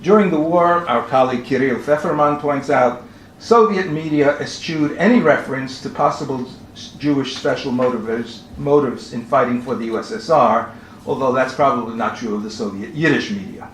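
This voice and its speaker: A man giving a measured academic lecture at a conference, reading out quotations as he goes. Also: mid-range voice, a little hiss or hum. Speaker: conference speaker. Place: conference hall. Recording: roomy hall with faint ambience.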